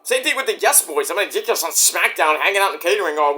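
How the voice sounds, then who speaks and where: High, bright-voiced man ranting casually. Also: expressive, fast talker. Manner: profane, rambling, acts out quoted voices. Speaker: wrestling commentary vlogger. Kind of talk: casual rant.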